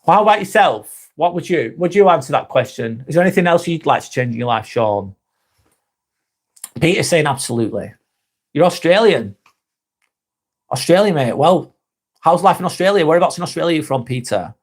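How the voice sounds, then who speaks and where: A man in his forties hosts a live stream with a fairly high voice for a man. He answers viewers' comments in a relaxed, easygoing way, swears freely and calls people mate. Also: brisk, long pauses. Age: 40s.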